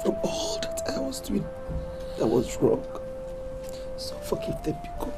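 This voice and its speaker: A woman's voice: on the low side, very animated, unhurried, gravelly, over loud music, full character voice. A woman with a Nigerian accent playing a dying mother who pleads for forgiveness in a tearful voice. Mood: pleading. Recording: loud film score behind.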